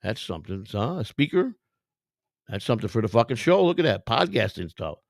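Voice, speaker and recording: Middle-aged host, gravelly and streetwise, rambling profane commentary, dry close sound. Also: male voice, medium pitch, sing-song, fairly quick, no echo. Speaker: vlog host browsing storage auctions. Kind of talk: casual commentary.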